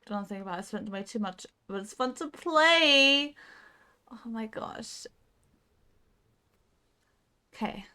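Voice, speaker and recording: A woman's voice: fairly high pitch, expressive, slow, pauses often, bright, forceful tone, clear, resonant tone. A young woman streaming a game live, coaching herself through tense moves and chatting back to her viewers. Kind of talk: casual live gaming stream.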